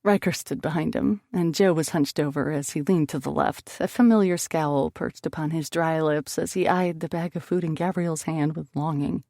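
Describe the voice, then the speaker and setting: A woman's voice: sits low, fairly even intonation, moderate pace, gravelly, hardly any pauses, dark tone, dry recording, studio quality. A woman narrating a first-person romance audiobook expressively, lifting her voice on emotional lines.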